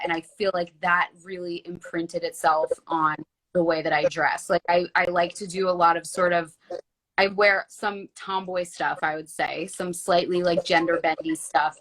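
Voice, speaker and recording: A woman's voice: on the low side, fairly bright tone. A woman from the United States, a guest in a casual chat, chatty and leaning on "like" a lot. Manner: chatty, leans heavily on "like".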